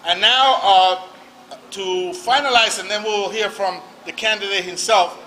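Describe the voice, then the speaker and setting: A man with a high-pitched, bright voice emcees an outdoor political rally, joking and introducing speakers in both English and Spanish. He speaks unhurriedly but forcefully. The rough recording picks up the crowd and street noise around him.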